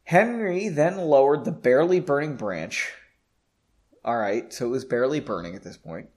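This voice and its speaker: A man's voice: medium pitch, lively intonation, moderate pace, darkish tone. Self-mocking man reading aloud. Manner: self-mocking, chatty, laughs at himself. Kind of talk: reading aloud with joking asides.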